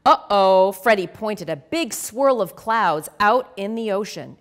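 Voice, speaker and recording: A woman reading her children's picture book aloud, with expressive storytelling and asides to the host. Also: medium pitch, moderate pace, few pauses.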